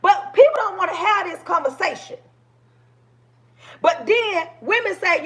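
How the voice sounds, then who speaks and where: A woman in her forties speaks with a high voice. She is streaming live into a phone camera, talking to her viewers with passion and a preachy edge. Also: animated, measured pace, pushed and bright. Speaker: livestream host. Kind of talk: livestream talk.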